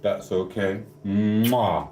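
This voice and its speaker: A man with a South Yorkshire accent chats casually on his live stream, reading viewers' comments aloud and teasing them playfully. His voice sits a little low, and it rings in an echoey room over a faint hum. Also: steady tone, drawn-out words, warm tone. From Sheffield, England. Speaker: livestream host.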